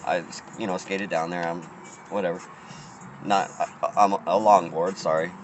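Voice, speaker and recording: A man's voice: deep voice, fairly even intonation, unhurried, faint music behind, rough recording. A man telling a rambling, profane story in casual talk, often restarting his sentences.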